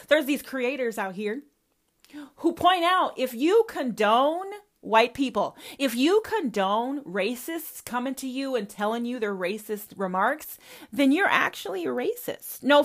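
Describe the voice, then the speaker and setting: A woman with a higher, fairly bright voice hosts a personal podcast. She speaks directly to her mother, emphatic, confrontational and profane.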